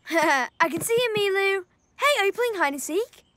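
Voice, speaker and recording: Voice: extremely high pitch, moderate pace, heavy background noise. A performer voicing a cheerful, bold young boy rabbit in a dubbed cartoon, eager and insistent. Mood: lively. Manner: excitable, insistent. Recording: loud music under dialogue.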